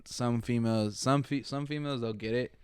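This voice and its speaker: A man's voice: medium pitch, fairly even intonation, fairly quick, a little mellow. A young man co-hosting a casual podcast on an outdoor patio, telling slangy, rambling stories full of fillers. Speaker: podcast co-host. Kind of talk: casual chat.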